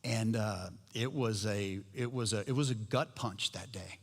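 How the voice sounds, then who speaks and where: A middle-aged pastor preaches in a church sanctuary, telling a personal story in a conversational, humorous way. His voice is on the low side and a little slow, and the recording carries a long hall reverb.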